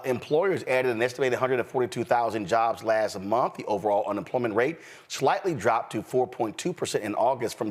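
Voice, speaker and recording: Male host for a news commentary show, emphatic and chatty. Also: lowish voice. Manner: emphatic, conversational.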